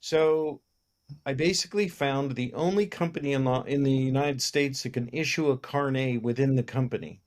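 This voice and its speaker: A man's voice: medium pitch, normal speed. A man, a film producer, telling anecdotes in a casual interview and acting out the lines of the people in his stories. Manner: animated anecdote teller who acts out other people's lines.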